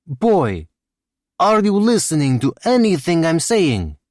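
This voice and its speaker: A man's voice: a little high, wildly swooping pitch, takes it slowly, a little mellow, no echo, clean studio sound, pitched above the performer's own voice, exaggerated voice. A man voicing a blunt, scolding middle-aged Russian mother in an audiobook. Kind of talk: audiobook character voice.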